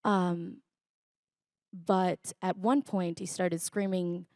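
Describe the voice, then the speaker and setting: A young woman, a guest recounting her personal story in an interview, reflective and halting, with many fillers. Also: lowish voice, little pitch movement, darkish tone, no room sound, studio quality. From Israel. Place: conference stage.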